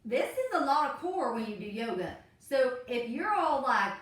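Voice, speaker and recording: A woman's voice: high-pitched, big pitch swings, normal speed. A woman leading a joking yoga class in a goofy, laid-back way. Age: 40s. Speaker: yoga instructor. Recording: echoey room, mic far off.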